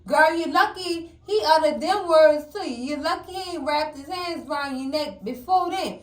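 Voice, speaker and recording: Woman recap host, high voice, fiery, chatty, echoey room. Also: normal speed. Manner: animated, exclamatory, addresses viewers as cousins. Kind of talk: casual TV recap commentary.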